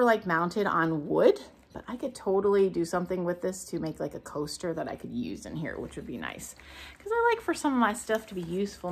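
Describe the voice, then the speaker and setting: A woman's voice: medium pitch, slight background noise. A woman, a thrift vlogger, chatting casually through a haul video and gushing over each item she unwraps.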